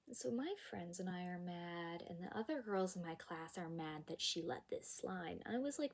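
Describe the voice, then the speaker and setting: Lower, mellow-voiced young woman telling a story. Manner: expressive, emphatic retelling, occasional whispered asides. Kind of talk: personal storytime vlog.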